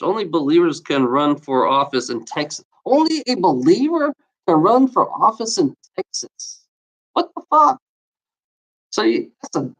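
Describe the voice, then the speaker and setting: Vlogger, profane exasperated rant, reading odd laws aloud, middle pitch. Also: fairly bright tone, rough recording. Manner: scoffing laughter between readings.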